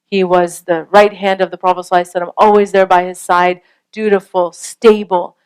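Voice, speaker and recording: A woman delivers a casual lecture on parenting in a smooth, resonant voice. She speaks earnestly and conversationally, pausing now and then to check in with her listeners. Her pitch sits in a mid range for a woman. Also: poor audio. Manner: earnest, conversational, frequent rhetorical "right?".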